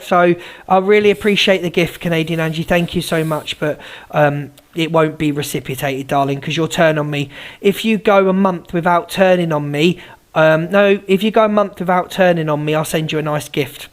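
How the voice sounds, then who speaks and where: A man's voice: on the high side, steady tone, normal speed. A man hosting a phone live stream, chatting bluntly and teasingly while thanking viewers for gifts.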